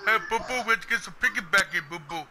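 A man's voice: high voice, quick pace, background noise. A man playing a driving game with a friend, joking around, swearing and repeatedly teasing him in a cartoon-bear style bit. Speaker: gaming channel host. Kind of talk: casual gameplay banter.

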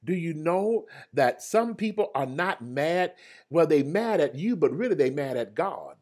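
A man preaching a livestreamed Bible study. He repeats his phrases and calls out to his viewers by name, and his voice swings from loud cries to hushed murmurs. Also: a little high, big pitch swings, a little slow. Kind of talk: livestreamed sermon.

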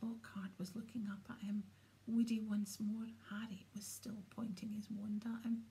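Soft-voiced woman reading a storybook. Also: mid-range voice, flat delivery, normal speed, a little hiss or hum. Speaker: audiobook reader. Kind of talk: storybook narration.

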